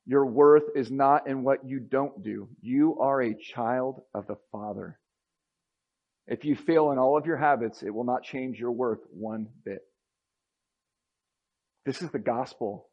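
A man preaching a sermon as pastor, swinging from fired-up, emphatic passages to soft, quiet reflection. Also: medium pitch, measured pace, lo-fi sound.

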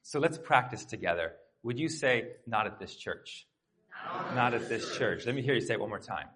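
A man's voice: mid-range voice, expressive, normal speed, fairly bright tone, husky. A pastor preaching a sermon to his congregation in a church, talking in an earnest, conversational way with asides to the crowd. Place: church sanctuary.

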